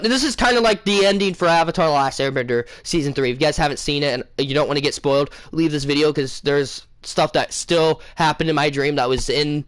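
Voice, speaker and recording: A young man tells a long story to his channel in a rambling, excitable way, tripping over his words and correcting himself as he goes. His voice sits a little high for a man, and the sound is close and dry with no room around it. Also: a little fast, hardly any pauses, clean tone, no room sound. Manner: rambling, excitable, lots of fillers and self-corrections. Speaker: gaming channel host. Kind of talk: casual storytelling to camera.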